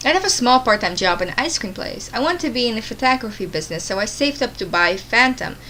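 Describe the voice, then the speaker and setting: A woman's voice: fairly high pitch, expressive, sharp tone, slight background noise, low-quality recording. A woman reading online stories aloud, stumbling and restarting words as she goes. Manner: halting reading with frequent restarts. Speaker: story narrator.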